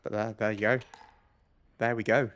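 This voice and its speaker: Guy playing a card game and muttering his moves, kinda low voice, chill and upbeat, swears sometimes. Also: level tone, normal speed, fairly bright tone. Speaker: let's play host. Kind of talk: casual gameplay commentary.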